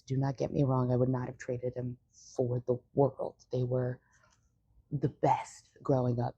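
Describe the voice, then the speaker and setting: A woman's voice: rumbling low, vocal fry, mellow, breathy edge, no echo. A young woman chatting casually in a vlog, rambling and swearing freely. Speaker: vlogger. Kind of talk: casual chat.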